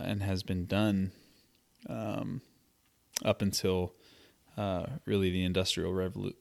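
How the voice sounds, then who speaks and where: Low gravelly-voiced man hosting. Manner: easygoing, plugging with filler words. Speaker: podcast co-host. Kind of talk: casual podcast chat.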